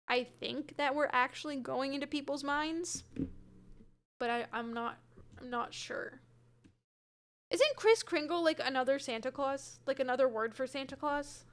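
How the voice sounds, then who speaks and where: Her high voice is expressive and a bit bright, and she speaks unhurriedly with frequent pauses. She's a young woman streaming gameplay from her room alongside her cat, casually reading chat, hedging, and addressing viewers by name.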